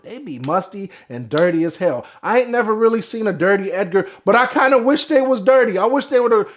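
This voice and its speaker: A young man giving a loud, brash, profane comedic rant to camera. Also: high voice. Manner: loud, brash and profane, with sudden swings in volume. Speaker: vlogger.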